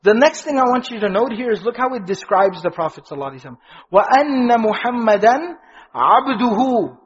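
Husky high-voiced man teaching a religious lesson. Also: sing-song, rapid-fire, muffled recording. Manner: questions to the audience, repeats key phrases with stress. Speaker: Islamic teacher. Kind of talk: religious lecture. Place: in front of a live audience.

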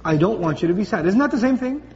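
Male preacher, high voice, playful storytelling delivery; muffled, reverberant hall recording. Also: fast talker. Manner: lively, conversational, acts out everyday voices. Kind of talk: sermon. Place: large gathering hall with congregation. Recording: distant voice in a large hall, muffled, faint hum.

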